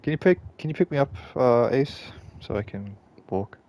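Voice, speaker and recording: A man's voice: mid-range voice, animated, normal speed, darkish tone. A man giving casual gameplay commentary, laid-back and swearing freely while he mutters to himself. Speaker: gaming channel host.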